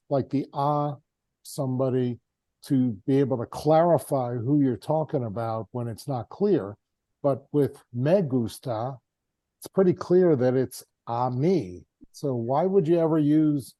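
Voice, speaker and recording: A student in an online class, a man, puts his question to the teacher in a casual, halting way. His voice is very dark and mellow. The sound is dry, with no room echo. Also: mid-range voice.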